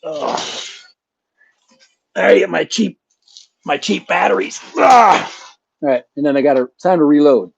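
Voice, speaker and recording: Male channel host, loose joking chat, a bit high, very dry and close. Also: lively intonation, measured pace, gravelly, long pauses, breathy edge, dry recording. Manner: rambling, joking, chuckling. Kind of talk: casual live chat. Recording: dull lo-fi sound.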